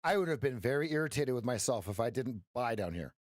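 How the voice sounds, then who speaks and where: Animated male trading coach. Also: mid-range voice, quick pace, no echo, studio quality. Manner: playful, jokey, makes sound effects. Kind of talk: live-stream trading commentary.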